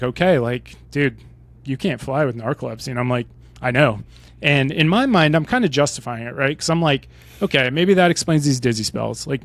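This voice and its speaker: An American man in his forties talks through his story on a podcast, conversational and loose, tagging sentences with "right?". His voice sits at an ordinary middle pitch. The recording is dry and close, with no room sound. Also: no room sound. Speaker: podcast guest, retired Army pilot. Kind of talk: casual interview storytelling.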